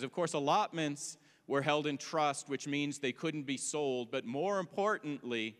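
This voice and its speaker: A man's voice: fairly high pitch, a bit bright. A man giving an informal history lecture to a meeting, explaining in a plainspoken way with casual, joking asides. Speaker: presenter. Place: meeting hall. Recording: echoey hall.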